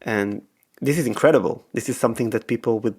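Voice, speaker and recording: Halting male podcast host asking questions. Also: medium pitch, darkish tone, slightly rough. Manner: halting, searching for words, restarts mid-question. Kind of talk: interview questions.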